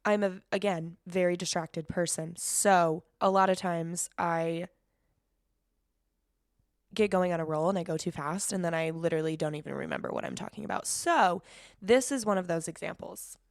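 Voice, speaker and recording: A young woman talks through her solo podcast in a loose, rambling way, swearing freely and breaking into quick laughs. Her voice sits a little low. The sound is dry and close, with no room echo. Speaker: podcast host. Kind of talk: casual solo podcast chat.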